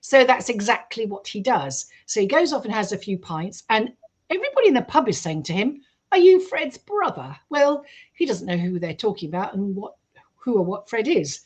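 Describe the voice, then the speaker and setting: A woman, a guest on a radio show, telling a story in a lively way and acting out the quoted voices. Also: mid-range voice, fairly quick, slightly rough. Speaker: guest researcher. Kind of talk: storytelling in an interview.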